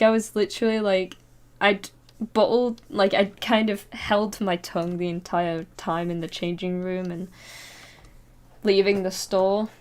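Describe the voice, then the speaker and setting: A young adult woman streamer telling a long personal story in casual chat, halting and full of fillers and nervous laughs, on a streaming microphone. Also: medium pitch, a little mellow.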